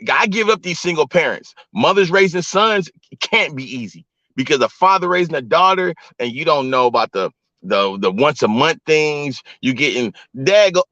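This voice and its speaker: The live-stream host's fairly high voice comes across pushed and bright as he chats from inside a vehicle. Using his phone, he tells his live chat stories in a loose, foul-mouthed, direct style, and the audio is dull, lo-fi and dry.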